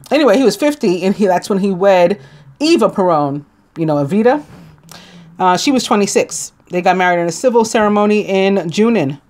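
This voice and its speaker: New York woman reading daily notes. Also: mid-range voice. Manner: reads list aloud, stumbles on names, asides with a laugh. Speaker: tarot reader.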